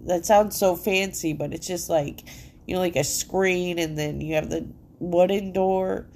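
A woman's voice: on the low side, fairly even intonation, unhurried, a little mellow, a little hiss or hum. A woman hosting her own podcast from home, rambling in a casual, profanity-laced monologue full of "like," her nose congested. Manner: profane, rambling, heavy filler "like". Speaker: solo podcast host.

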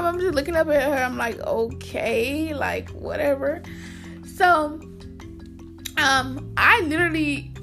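A young woman with a high voice, telling a storytime in a chatty, slangy way. She speaks straight to her viewers and calls them y'all. Faint music plays underneath. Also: bright, forceful tone. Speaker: vlogger. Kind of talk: casual storytime.

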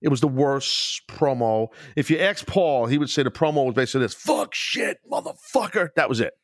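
A middle-aged man hosting a podcast, telling wrestling stories in a loose, profane, animated way, laughing often. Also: medium pitch, fairly quick, no echo, clean studio sound. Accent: New York. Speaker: podcast host, former wrestler. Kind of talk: casual storytelling chat.

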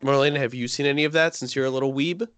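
A young man co-hosting a casual podcast chat, an animated storyteller who laughs often. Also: medium pitch, racing, no room sound. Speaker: podcast co-host.

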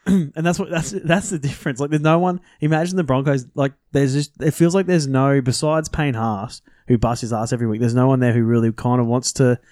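A man's voice: medium pitch, steady tone, fairly quick, a little mellow, no room sound, clean studio sound. Swearing, rambling male podcast co-host. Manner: rambling, swears often, lots of fillers. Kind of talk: casual sports banter.

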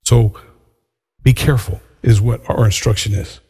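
An older male pastor with a husky voice delivers an earnest sermon and draws out the words he wants to land. His voice carries a long reverb, as if it is filling a large church hall. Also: on the low side, fairly even intonation, dark tone. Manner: earnest, slows down to stress key words.

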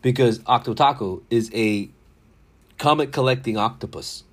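A man's voice: mid-range voice, moderate pace, husky. A man hosting a casual solo podcast, rambling and joking with frequent swearing. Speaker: podcast host.

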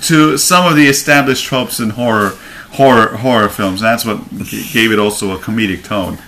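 Man, bright tone, casual movie talk, animated, acts out scenes. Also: fairly low pitch, normal speed, a little hiss or hum. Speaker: movie reviewer.

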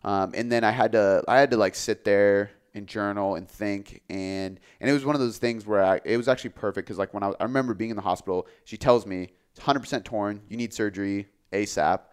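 A man who works as a fitness coach, talking casually on a podcast, relaxed and full of filler words. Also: lowish voice, a little fast, few pauses, clear, resonant tone. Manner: relaxed, filler-heavy, says "like" often.

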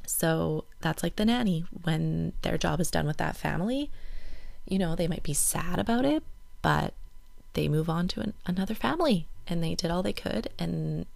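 Thirties woman chatting on her parenting podcast, low voice with lots of fry, thoughtful. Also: animated, normal speed, a little mellow, no echo. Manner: reflective, gets emotional and laughs it off. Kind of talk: casual solo talk.

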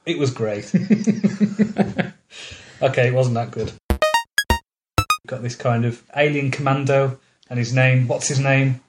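A man's voice: mid-range voice, fairly even intonation, measured pace, long pauses, soft background music. A man co-hosting a podcast, chatting casually about films he has just watched and often laughing. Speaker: podcast co-host. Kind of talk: casual film review chat.

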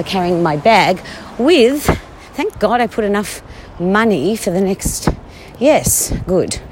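A woman's voice: medium pitch, a little hiss or hum. A shaken, anxious woman rambling through a live stream while walking outdoors on a street, talking into a handheld phone. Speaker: livestreamer.

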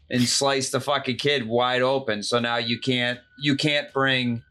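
A man's voice: medium pitch, steady tone, unhurried, hardly any pauses, sharp tone, clean tone. A man co-hosting a podcast, telling an exaggerated, profane story in casual chat. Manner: profane, rambling, hyperbolic storytelling.

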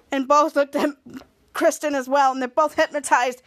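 In a casual podcast recap of a TV episode, the female host speaks in a high voice at an ordinary pace. She acts out what the characters say, using lively voices.

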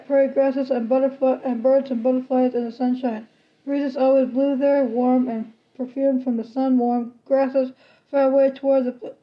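Woman narrator for a children's novel read-aloud; high, level, unhurried, slightly dull lo-fi sound. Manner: steady, plain read with small restarts. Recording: slightly muffled lo-fi recording.

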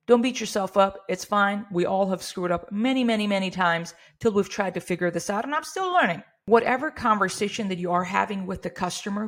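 A middle-aged woman speaks as a business owner coaching her employees. Her delivery is earnest and steady, the tone of someone who has handled hundreds of hard calls. She lightly acts out polite customer-service phrases to show how it's done. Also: mid-range voice. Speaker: business owner training staff. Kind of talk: workplace training talk.

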